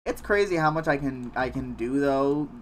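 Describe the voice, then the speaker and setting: Rambling, swearing male streamer, middling pitch. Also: animated, normal speed, slight background noise. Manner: rambling, swearing, joking with chat. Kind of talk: casual live-stream chat while gaming.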